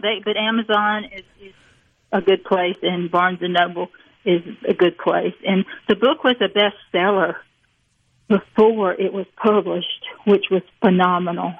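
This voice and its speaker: Tinny, narrow audio carries the medium-pitched voice of an older Southern woman from rural Mississippi. She's an author guest in a laid-back interview, rambling in a folksy manner with frequent laughter.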